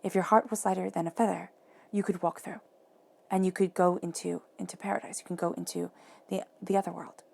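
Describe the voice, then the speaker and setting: Gravelly-voiced woman giving a tarot reading. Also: fairly low pitch, little pitch movement, a little fast. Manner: soft, reflective, repeats phrases for emphasis. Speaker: tarot reader.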